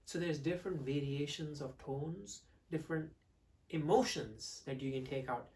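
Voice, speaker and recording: A man teaching public speaking to camera, expressive, swinging between loud and hushed delivery. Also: on the high side, normal speed, far from the mic.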